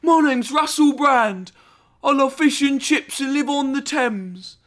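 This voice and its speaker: A man's voice: very high-pitched, drawn-out words, pushed and bright, voice pushed up, full character voice. A man putting on a mocking, over-the-top stereotyped British accent, parodying a posh young YouTuber on a livestream.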